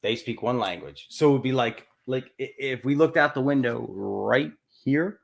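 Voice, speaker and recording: Young eastern Pennsylvania guy co-hosting a laid-back whiskey talk, lively and self-deprecating, average pitch. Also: moderate pace, gravelly. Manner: animated, self-mocking, swears casually. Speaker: co-host. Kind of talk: casual chat over whiskey.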